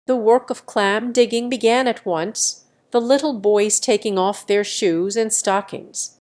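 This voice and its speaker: Female audiobook narrator, unhurried and even, middle pitch; plain literary reading. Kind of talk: scripted narration.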